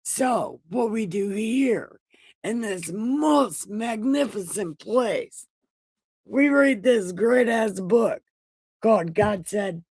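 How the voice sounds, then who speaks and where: A woman's voice: medium pitch, slow, a little mellow, breathy edge, no room sound. A woman hosting a casual livestream Bible reading from home, joking, swearing and playfully boastful. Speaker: host reading the Bible aloud.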